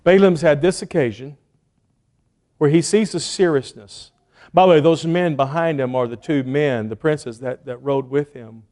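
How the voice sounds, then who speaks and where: High-voiced preacher telling a story. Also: male voice, normal speed. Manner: animated storytelling, acts out quotes. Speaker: pastor. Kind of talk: sermon.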